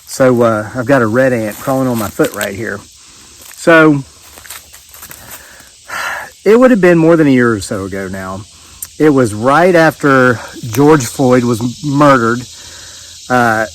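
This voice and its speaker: The audio is low quality as an older man vlogs from a rural homestead, telling a story to camera and sweating in the heat. His voice is medium-pitched at a moderate pace, and his folksy, rambling telling is full of fillers and restarts.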